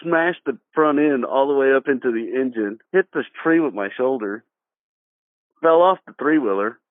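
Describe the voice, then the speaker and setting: A middle-aged man telling childhood stories in a casual interview, animated, acting out voices and laughing as he goes. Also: mid-range voice, normal speed, no room sound. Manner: animated, acts out quoted voices, laughs through his own story. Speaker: guest. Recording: dry, tinny phone-like audio.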